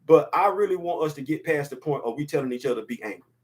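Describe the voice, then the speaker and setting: A man's voice: fairly high pitch, expressive, fast. A man in his fifties hosting a casual opinion show, talking emphatically and repeating words to drive his points home. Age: 50s. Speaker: podcast host.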